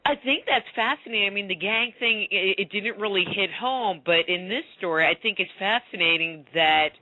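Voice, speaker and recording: A woman's voice: medium pitch, normal speed, sharp tone, highs cut off, a little hiss or hum. A woman hosting a radio interview, asking questions casually and searching aloud for her words. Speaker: radio show host.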